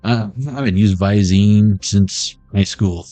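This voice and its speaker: A man's voice: lowish voice, slow pace, mellow, no echo, faint music behind. A man giving a casual, rambling intuitive tarot reading, free-associating words aloud and laughing often. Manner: rambling, word-associating, laughs often, sings snatches of old songs. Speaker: tarot reader.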